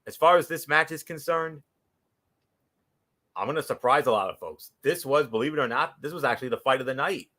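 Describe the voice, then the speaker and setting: A young man hosting a casual wrestling recap, excitable, often repeating and restarting his words. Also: medium pitch, a little fast. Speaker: wrestling show recap host.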